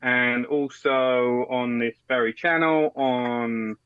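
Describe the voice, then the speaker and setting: Smooth-voiced man on a dull call. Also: medium pitch, fairly even intonation, slow, no room sound. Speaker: guest. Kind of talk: casual chat. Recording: dull dry video-call audio.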